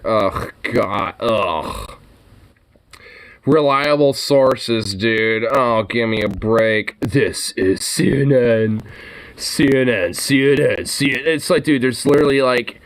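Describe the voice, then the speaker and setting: A man's voice: lowish voice, clean tone. A man streaming a profane, mocking reaction to a news clip, exasperated and swearing heavily.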